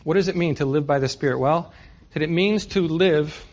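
Man preaching a relaxed, chatty sermon. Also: a little high, moderate pace. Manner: conversational, asks the audience rhetorical questions. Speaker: pastor.

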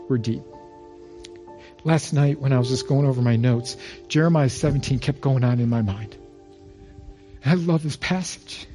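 A male pastor preaching a sermon, telling stories with emphasis and going quiet on key phrases. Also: fairly high pitch, vocal fry. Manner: storytelling, quotes others in lively voices.

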